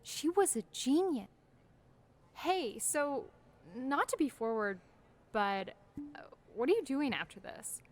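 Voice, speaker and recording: A gushing, eager neighbor. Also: female voice, high-pitched, takes it slowly, long pauses, heavily acted. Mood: excited. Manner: gushing, stammering excitement. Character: eager young woman, a childhood neighbor. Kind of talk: video game voice acting.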